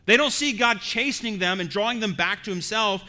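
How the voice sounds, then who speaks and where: A man's voice: high voice, a little fast, bright, forceful tone. A man preaching an expository sermon as pastor, earnest and emphatic, often repeating words as he goes.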